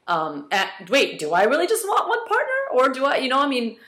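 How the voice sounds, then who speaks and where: A woman's voice: high voice, huge pitch swings, brisk, fairly bright tone. A woman hosting an interview, speaking reflectively and hesitantly, often trailing off mid-thought. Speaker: talk show host. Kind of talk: casual interview conversation.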